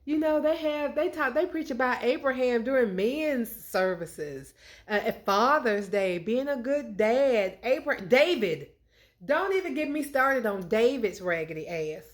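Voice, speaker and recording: A woman's voice: a little high, lively intonation, measured pace. A woman giving a comedic, sassy and profane rant that retells Bible stories with indignation. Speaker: content creator.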